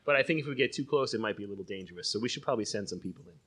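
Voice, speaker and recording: A man's voice: on the low side, lively intonation, racing, a bit bright. A man playing a tabletop role-playing game, talking casually and joking. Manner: jokey, stammering in character. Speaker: player.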